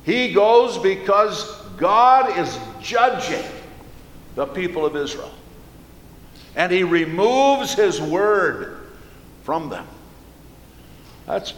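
A man preaching a sermon, earnest and slow, repeating key phrases for emphasis. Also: sits high, very animated. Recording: echoey hall with long reverb.

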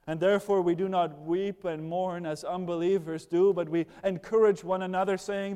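An earnest pastor preaches a sermon from the pulpit in a fairly high voice that is mellow, dark, clear and resonant, with a steady tone. He speaks at normal speed with few pauses, shifting from near-hushed passages to urgent, raised ones as his words echo through the long reverb of a large church hall.

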